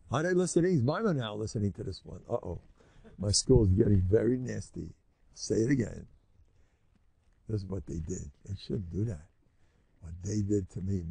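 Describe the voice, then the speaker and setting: Gravelly, animated older rabbi lecturing. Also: male voice, no echo. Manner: animated, jumps high in pitch when mimicking.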